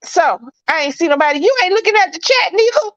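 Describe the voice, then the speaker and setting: A woman's voice: very high-pitched, expressive, quick pace, fairly bright tone, no echo, highs cut off. A woman with a Southern accent co-hosting a casual live stream, talking bluntly and emphatically, often repeating herself. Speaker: co-host.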